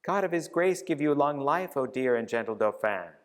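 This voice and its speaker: A man reading aloud and voicing a devout, gentle young peasant woman, heard in a reverberant church hall. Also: mid-range voice, animated, normal speed, voice pushed up, lightly acted. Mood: tender.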